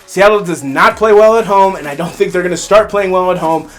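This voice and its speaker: High-voiced man ranting fantasy football picks. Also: a little fast, soft background music. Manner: rambling, repeats phrases, fires up into ranting. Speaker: fantasy football podcast host. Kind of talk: solo fantasy sports picks rundown.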